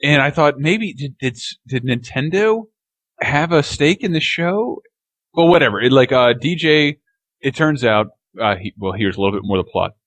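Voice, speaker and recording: A man's voice: mid-range voice, lively intonation, moderate pace, fairly bright tone, no echo. Laughing, chatty male podcast host. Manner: laughing, enthusiastic storyteller. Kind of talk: casual chat about TV clips.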